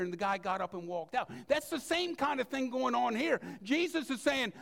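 High, gravelly-voiced male preacher. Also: normal speed, hardly any pauses. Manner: animated, voices the quoted speakers. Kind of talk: sermon.

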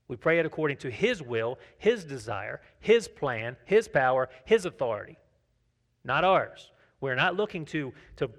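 A man's voice: a little high, a bit bright. A man preaching a sermon as pastor, conversational, often asking the congregation questions. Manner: tells personal anecdotes, acts out dialogue.

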